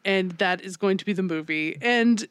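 A woman's voice: medium pitch, normal speed, clean tone, dry recording, studio quality. A woman in casual chat, animatedly retelling a movie plot, swearing freely and acting out the characters' lines.

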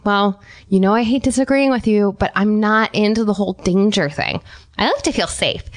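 A woman co-hosting a scripted comedy podcast, talking with a ditzy, wide-eyed deadpan delivery. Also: medium pitch, moderate pace. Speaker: co-host.

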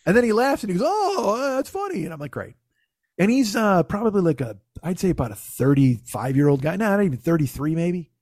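A man's voice: fairly high pitch, lively intonation, quick pace, a little mellow, no echo, studio quality. A man telling a casual, profane story in his own voice. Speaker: podcast host telling a story.

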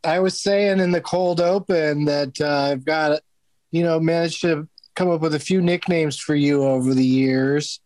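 A man's voice: fairly high pitch, fairly even intonation, unhurried, darkish tone, no room sound. A man hosting a podcast in casual chat, rambling and hesitant with lots of fillers. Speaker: podcast host.

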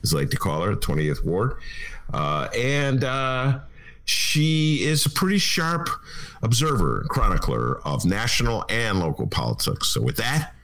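A male radio talk show host with a very low voice that swings widely in pitch. He teases his guest in a playful, rambling way, with plenty of "uh"s along the way. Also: very animated, unhurried, a bit bright. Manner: playful, teasing, rambling with fillers. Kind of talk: casual political radio chat.

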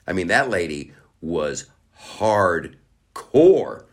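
Male podcast host, lowish voice, crude sarcastic rambling delivery. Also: expressive, unhurried. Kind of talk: crude comedic rant.

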